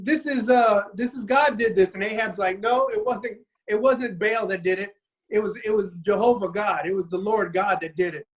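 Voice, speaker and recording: During a relaxed podcast conversation, a high-voiced man works his way through a Bible story. He wanders, trips over words, and starts sentences over, giving the characters small quoted voices.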